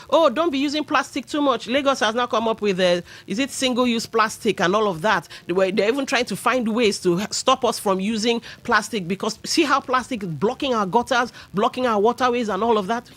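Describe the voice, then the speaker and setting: A woman's voice: fairly high pitch, brisk, fairly bright tone. A Nigerian woman hosting a radio talk show, giving opinionated commentary with pidgin asides. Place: radio studio.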